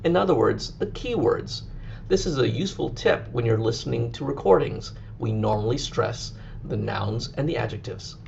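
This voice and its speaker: Gravelly-voiced male teacher giving a lesson. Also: medium pitch, animated, a little mellow, lo-fi sound, slight background noise. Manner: clear, instructive, with occasional slow deliberate demonstrations. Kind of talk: recorded classroom lesson.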